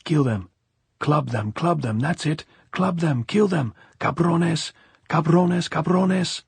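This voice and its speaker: A man voicing a belligerent drunken townsman who shouts in hoarse bursts, in an audiobook reading. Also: medium pitch, fairly even intonation, moderate pace, no room sound. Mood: frenzied shouting. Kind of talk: audiobook character voice.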